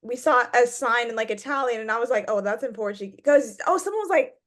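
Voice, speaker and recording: A young woman co-hosting a podcast, chatting in a quick, animated, agreeable way. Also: fairly high pitch. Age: young adult. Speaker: podcast co-host. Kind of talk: casual chat.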